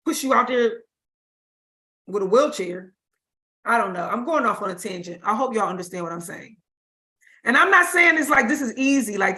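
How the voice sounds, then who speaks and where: A woman's voice: on the high side, sharp tone. A woman giving an informal spiritual teaching on a livestream, talking casually and emphatically, repeating phrases for stress. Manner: casual vernacular speech.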